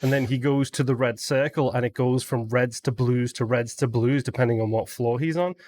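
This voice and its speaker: A man's voice: medium pitch, fairly even intonation, a little fast, a little mellow. Eager man co-hosting a film podcast. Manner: eager explainer, acts out quoted lines. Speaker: podcast co-host. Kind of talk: casual film discussion.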